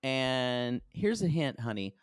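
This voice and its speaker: A man co-hosting a podcast, recapping a reality show in casual chat with sarcastic, animated retellings and quoted voices. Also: mid-range voice, slow pace, clean tone, dry recording, studio quality. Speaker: podcast co-host.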